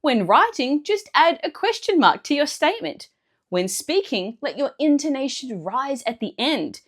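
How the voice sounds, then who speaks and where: In a scripted lesson, a woman teaching a language explains each step clearly and methodically. She speaks at a moderate pace in a slightly high voice that moves widely up and down.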